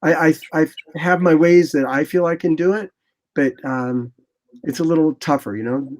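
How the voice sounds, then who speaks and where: Animated older man telling road stories. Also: fairly high pitch, normal speed. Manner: animated, rambling anecdotes with lively quoted asides. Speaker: motorcycle photographer guest. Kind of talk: casual interview storytelling.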